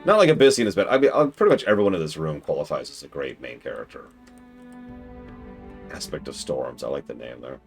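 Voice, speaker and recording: A young male streamer with a deep voice that swings widely as he talks. He gives enthusiastic, opinionated game commentary full of rambling asides. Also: lively intonation, fairly quick, faint music behind. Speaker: streamer host.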